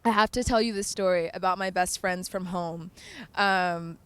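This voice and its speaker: A young woman from North Carolina, vlogging and telling a story in a chatty, animated way, with lots of "like" and frequent laughter. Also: fairly low pitch, moderate pace, clear, resonant tone. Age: young adult. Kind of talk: casual storytelling chat.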